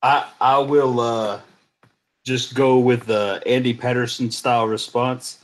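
A man talks casually on a podcast in a blunt, dismissive way and swears freely. His voice sits in a middle pitch. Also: level tone, slow pace. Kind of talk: casual boxing chat.

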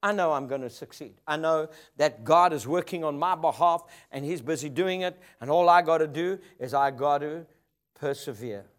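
A man's voice: fairly high pitch, moderate pace. A man preaching a sermon, emphatic and rhythmic, often asking the congregation for an amen. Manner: emphatic, call-and-response preaching.

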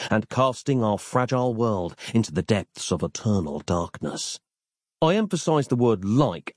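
A man reads a comic story aloud in a wry, deadpan way, letting his pitch rise and fall in lively swoops. The recording is close and dry, with no room sound. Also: no room sound. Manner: wry, deadpan, elaborate phrasing. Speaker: narrator. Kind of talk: scripted comic story narration.

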